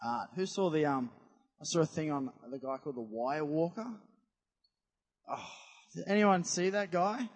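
A man preaching a sermon to a church congregation, animated and conversational, often asking the crowd questions. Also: a little high, normal speed, pauses often. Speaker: pastor. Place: church hall. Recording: long church-hall reverb.

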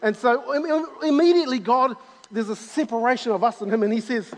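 A man's voice: extremely high pitch, fairly quick. A man preaching a sermon in a church auditorium, enthusiastic and full of repetitions and restarts. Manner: enthusiastic, repeats himself with many restarts. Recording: long hall reverb.

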